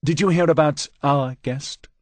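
A man's voice: a little high, a little slow, no echo, voice pushed up, lightly acted. A man voicing a matter-of-fact woman. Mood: explaining. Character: capable, well-informed woman ship owner.

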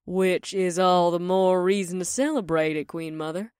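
A woman's voice: fairly low pitch, moderate pace, a little mellow, clean tone, no echo, studio quality, pitched below the performer's own voice, lightly acted. A woman voicing a dutiful, cautious rhino-woman servant in an audiobook, earnest and respectful toward her queen. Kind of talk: audiobook character voice.

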